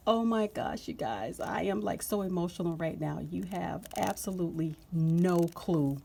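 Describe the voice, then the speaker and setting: A woman vlogger chatting casually to camera while unboxing, gushing and excitable with drawn-out exclamations. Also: on the low side, creaky.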